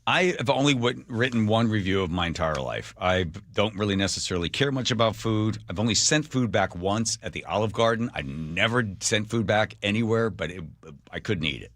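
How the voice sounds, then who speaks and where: A middle-aged man hosting talk radio on a studio mic, his low voice bouncing up and down as he tells stories and mimics the people in them. The sound is dry and close, with no room around it. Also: fairly quick, no room sound. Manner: animated, acts out quoted people with jumps in pitch. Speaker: radio host. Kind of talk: casual on-air storytelling. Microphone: studio microphone.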